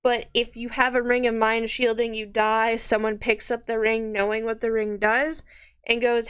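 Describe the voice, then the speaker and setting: A woman's voice: fairly high pitch, flat delivery, normal speed, fairly bright tone, clear, resonant tone. A woman player in a tabletop game session who explains rules at length, swears freely and turns sarcastic. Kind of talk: casual game table chat.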